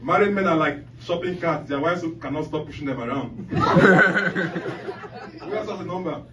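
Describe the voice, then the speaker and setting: Profane stand-up comic in an echoey club. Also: male voice, fairly high pitch, moderate pace, lo-fi sound. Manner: loose, profane, laughing at own jokes. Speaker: stand-up comedian. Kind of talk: stand-up comedy set. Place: comedy club stage. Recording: echoey club from a far mic, loud noise.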